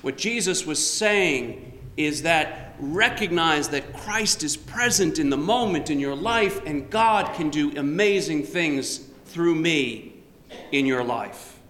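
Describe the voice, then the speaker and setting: A man preaching a sermon in a church, speaking in a slow, measured way with touches of light humor. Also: a little high, lively intonation, a bit bright, slight background noise. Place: church sanctuary. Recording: roomy church with long reverb.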